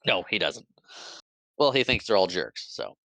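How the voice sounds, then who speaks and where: A man with a slightly low, bright voice retells movie scenes on a podcast, slipping into the characters' lines as he goes and laughing along. The recording is dry and close, with no room sound. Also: very animated, moderate pace, gravelly, dry recording, rough recording. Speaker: podcast co-host. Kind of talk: casual movie recap chat.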